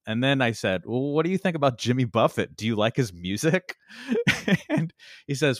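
A male podcast co-host talks casually, laughing often and dropping the odd curse. His voice is very lively, swooping up and down as he tells a story. The sound is close and dry. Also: medium pitch, normal speed, dry recording.

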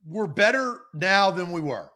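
A man's voice: sits high, lively intonation, measured pace, pushed and bright. A man co-hosting a sports podcast in casual, playful chat, going back and forth with his co-host. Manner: playful, talks over his co-host while debating pronunciations.

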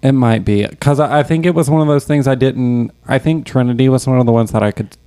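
A man's voice: medium pitch, fast, dark tone, clear, resonant tone. Laid-back male podcast co-host. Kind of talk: casual chat.

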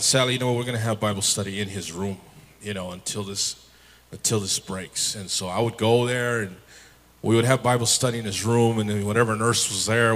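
A man giving a halting, earnest testimony at a Bible study, with many fillers. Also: fairly low pitch, fairly bright tone. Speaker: congregation member sharing a testimony. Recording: church hall reverb.

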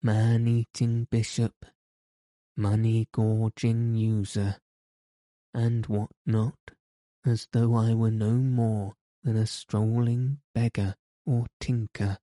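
A self-important old-world bishop airs his grievances in a low, flat, very slow and very dark voice, as a man reads him aloud. The storybook recording is dry and close. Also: no room sound. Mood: indignant. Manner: aggrieved, self-important complaining. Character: pompous indignant male bishop, portly. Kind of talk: audiobook character reading.

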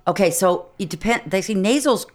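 A middle-aged woman from Texas, a vocal coach chatting in an interview, animated and quick to demonstrate voices and laugh. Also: mid-range voice. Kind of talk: casual interview chat.

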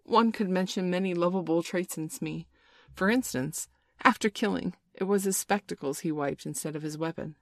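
A woman narrating a classic storybook aloud in a measured, expressive reading. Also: fairly low pitch, no echo, studio quality.

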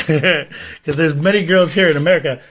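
A man's voice: a little high, huge pitch swings, measured pace, a bit bright, a little hiss or hum. A man hosting a podcast in casual banter, brash and rambling, swearing often. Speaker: podcast host.

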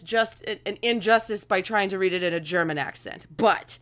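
Speaking at a medium pitch and a brisk pace, this podcast co-host keeps things casual. She reads letters from listeners with real enthusiasm and breaks into frequent laughter.

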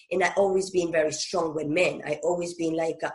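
A woman podcast host sharing personal experiences, speaking haltingly with repeated words and nonstandard grammar. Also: deep voice, steady tone, a little mellow, low-quality recording. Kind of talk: personal conversation.

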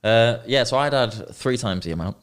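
A man's voice: medium pitch, expressive, moderate pace. A young man telling a rambling, sweary story in casual chat as a podcast co-host.

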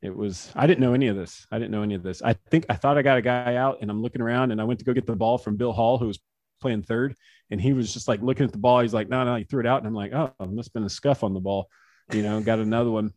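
A man's voice: mid-range voice, quick pace, no echo. Laid-back man telling stories, dry sound. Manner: relaxed, laughs often, acts out quotes. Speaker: former baseball pitcher, guest. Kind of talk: casual interview storytelling.

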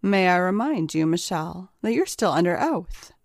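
A woman voicing a smug, teasing female lawyer who questions a witness slowly and coolly. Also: on the low side, animated, creaky, no room sound, clean studio sound.

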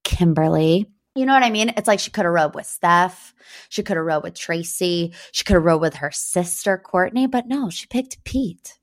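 A young woman from Northeast Ohio hosting a podcast, chatting about pop culture in a gossipy, animated way. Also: fairly low pitch, moderate pace. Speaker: podcast host. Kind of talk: casual pop-culture chat.

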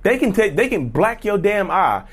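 A man's voice: sits high, sing-song, moderate pace, husky. A man in a casual vlog monologue, blunt and emphatic, swearing freely and calling his viewers "y'all.". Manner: grows loud and heated. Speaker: vlogger on personality disorder.

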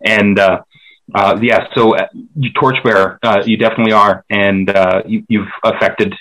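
A man on a podcast panel, talking eagerly but haltingly, with many fillers and restarts. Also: on the low side, steady tone, a bit bright, rough recording. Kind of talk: casual group chat.

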